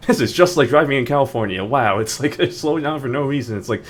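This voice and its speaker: A man's voice: mid-range voice, expressive, quick pace, hardly any pauses. A man streaming a game, chatting casually in a rambling way with many restarts. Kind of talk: casual gaming stream chat. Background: faint background music.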